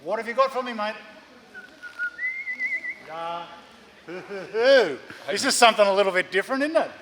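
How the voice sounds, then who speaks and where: High-voiced chatty Australian man. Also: lively intonation, a little slow, very noisy. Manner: chatty, jokey, tags lines with "mate" and "isn't it". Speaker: motorcycle magazine editor. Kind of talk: casual on-location banter. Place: motorcycle dealership.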